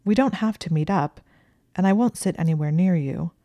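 A woman reading the part of a nervous young woman student who sounds flustered and strained, in a low, mellow, dry voice. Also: moderate pace, no room sound, lightly acted. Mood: anxious, pleading. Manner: flustered, strained and shrill at times.

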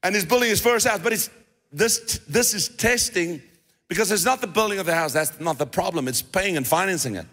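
South African pastor preaching in a hall. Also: male voice, high voice, expressive, fairly quick, bright, forceful tone. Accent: South African English. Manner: conversational preaching with restarts and repeated phrases. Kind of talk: sermon. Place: church hall. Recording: long reverb of a church hall.

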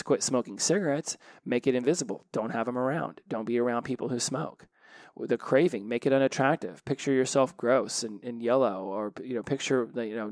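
A man's voice: medium pitch, a little mellow, no echo. A man hosting a podcast and coaching listeners on habits, in a casual, conversational way that often repeats and restarts words. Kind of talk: casual solo podcast talk.

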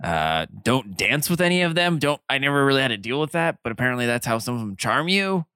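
A man acts as game master for a group of players, explaining the rules of the world in a loose, halting way. His voice is bright and clear. The sound is close and dry. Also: medium pitch, very animated, no room sound. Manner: loose and hesitant, many fillers.

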